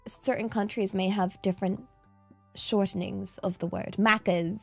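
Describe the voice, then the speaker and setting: A woman's voice: mid-range voice, a little slow, creaky, a little mellow, no echo, soft background music. A British woman streaming, chatting casually with viewers in a playful, giggly way that swoops up into squeals. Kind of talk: casual livestream chat answering viewers.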